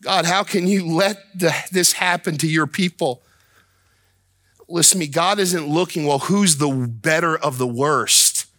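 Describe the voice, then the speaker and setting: A male pastor with a fairly high voice delivers a strongly emphatic sermon in a dry recording. He slows and lowers his voice to read scripture, then climbs nearly to a shout when acting out the prophet's complaints.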